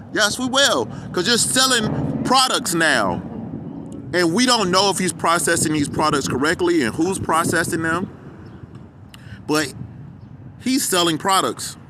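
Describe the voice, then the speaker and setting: High-voiced man ranting outdoors by traffic. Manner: profane, heated and rambling. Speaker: vlogger. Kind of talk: ranting commentary vlog. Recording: street traffic noise behind. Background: passing cars.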